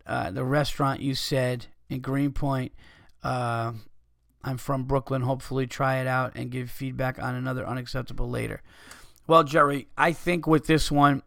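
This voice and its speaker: Gravelly, profane podcast host. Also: male voice, medium pitch, fairly bright tone, no echo, studio quality. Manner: profane, loose, stumbling over reading. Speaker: podcast host reading listener submissions. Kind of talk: casual podcast chat.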